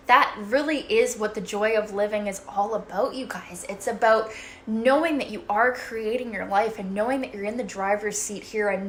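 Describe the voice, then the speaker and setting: A woman life coach talks straight to her livestream viewers in a loose, chatty way, dropping swear words and checking in with "right?" after almost every point. Her voice sits at an ordinary middle pitch, with faint noise behind her. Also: fairly bright tone. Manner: chatty, swears freely, keeps asking "right?". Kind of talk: casual motivational livestream talk.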